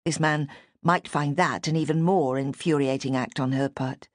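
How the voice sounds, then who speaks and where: A woman narrating a mystery audiobook in a measured, even storytelling manner, close to the microphone. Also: sits low, no echo. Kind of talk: scripted narration of a mystery novel. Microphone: close studio microphone.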